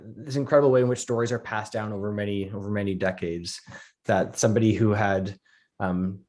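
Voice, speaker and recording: A man's voice: fairly low pitch, steady tone, brisk, darkish tone. A man moderating an online question-and-answer session over a video call, talking in a friendly way with fillers. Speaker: presentation host.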